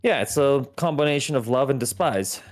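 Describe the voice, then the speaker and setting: Male co-player, joking banter on a stream, lively swinging pitch. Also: a little fast, soft background music. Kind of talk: casual gaming chat.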